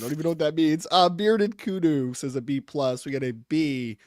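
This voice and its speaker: A man's voice: on the high side, fairly quick, few pauses, darkish tone, dry recording, studio quality. A man co-hosting a sports podcast, speaking casually and reading viewer comments off a list.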